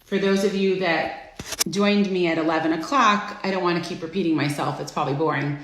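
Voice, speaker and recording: A woman's voice: lowish voice, brisk, a little hiss or hum. Chatty woman host in an echoey room. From Florida. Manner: chatty, greets viewers by name with bursts of excitement. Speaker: host of a live stream. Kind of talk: casual live-stream chat.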